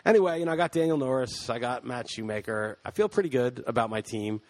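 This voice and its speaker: A man's voice: mid-range voice, animated, quick pace, darkish tone. Man, podcast co-host, casual rambling chat, laughs a lot, computer mic. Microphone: computer mic, remote call.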